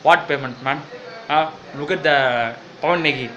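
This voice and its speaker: A man doing a bossy cricket mascot with an Indian English accent, loud and pushy, rambling through his points with plenty of fillers. His voice is bright and forceful, and faint background hum sits under it. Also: a little high, normal speed, low-quality recording. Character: brash bossy cricket-league mascot named Jill. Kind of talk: comic double-role sketch.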